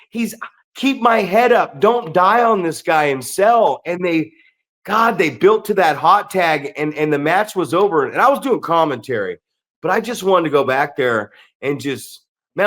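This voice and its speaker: Animated, swearing male podcast host. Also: on the high side. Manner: profane, animated storytelling. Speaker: podcast host and wrestling coach. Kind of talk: casual podcast chat.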